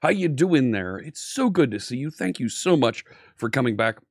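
A man's voice: medium pitch, animated, normal speed, breathy edge, no room sound, clean studio sound. An upbeat man hosting a live coding stream, chatting casually and greeting viewers by name.

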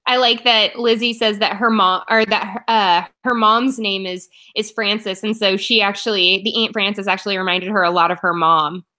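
Bright-voiced chatty woman from Oklahoma. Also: medium pitch, fairly even intonation, moderate pace, hardly any pauses. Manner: chatty, reacts to viewer comments. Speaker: book club co-host. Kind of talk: casual live-stream chat.

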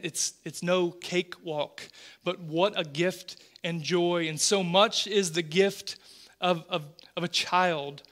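A pastor in his forties, voice sitting high, delivers a sermon with earnestness and energy. As he tells his stories, he repeats words often.

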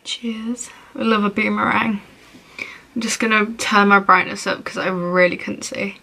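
A woman's voice: mid-range voice, fairly even intonation, normal speed, gravelly, sharp tone. A young woman vlogging as she plays a phone game, reading messages aloud in a playful, giggly way.

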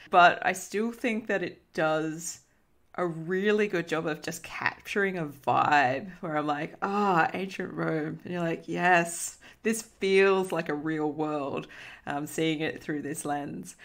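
Chatty Australian woman, lowish voice. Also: measured pace, a bit bright. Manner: chatty, enthusiastic, laughs easily. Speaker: podcast guest, historian. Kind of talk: casual chat.

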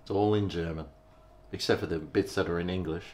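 A man's voice: low-pitched, steady tone, a little fast, a little mellow. A middle-aged Australian man, a vlogger, rambling in a laid-back, slangy way while he tastes and reviews a beer. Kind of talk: casual beer review vlog.

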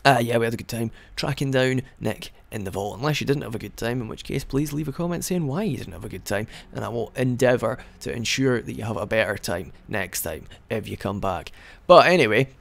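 A man's voice: mid-range voice, animated, a little fast, vocal fry, hardly any pauses. A man giving casual, rambling let's-play commentary as he plays, joking and often restarting his sentences. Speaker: gaming video host.

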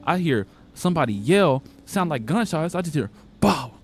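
A man's voice: on the high side, big pitch swings, moderate pace, slight background noise. Young man rambling through a game. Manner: slangy, rambling, profane. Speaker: gaming streamer. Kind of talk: casual let's-play commentary and retelling.

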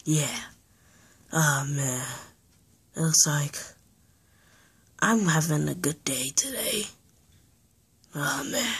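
A woman's voice: low-pitched, lively intonation, extremely slow, pauses often, a bit bright, husky. A woman narrating and voicing toys in an improvised play, talking in a half-whispered, sighing, rambling way. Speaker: toy play video maker.

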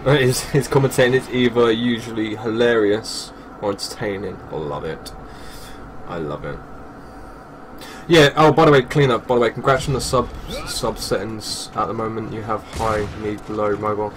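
Excitable British man streaming. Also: fairly low pitch, normal speed, a little hiss or hum. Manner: excitable, repeats himself. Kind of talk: casual stream chat.

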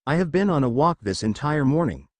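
A man's voice: on the high side, big pitch swings, brisk, no room sound. A man voicing an evasive adult male ninja teacher who sounds defensive and sheepish. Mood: flustered.

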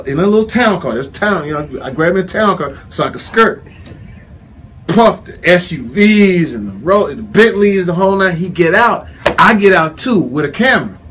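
A man telling an animated story in casual chat, acting out the people in it. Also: high voice. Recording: steady background noise.

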